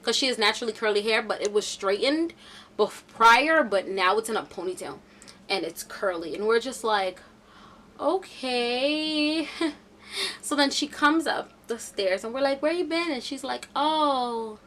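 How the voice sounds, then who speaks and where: A young woman vlogger telling a casual storytime, chatty and animated with slangy asides. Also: a little high, moderate pace, a little hiss or hum.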